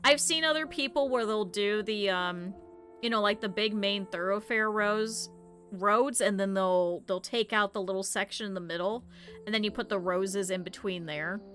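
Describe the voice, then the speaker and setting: Bright-voiced chatty woman streamer. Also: medium pitch, moderate pace, faint music behind. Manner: chatty rambling storyteller, talks to chat. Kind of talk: casual game stream chat.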